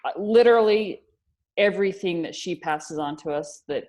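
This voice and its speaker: A woman's voice: fairly low pitch, moderate pace, darkish tone. Earnest woman cheering on her team. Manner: earnest, encouraging, emphatic. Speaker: co-leader on a team call. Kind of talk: casual motivational team call.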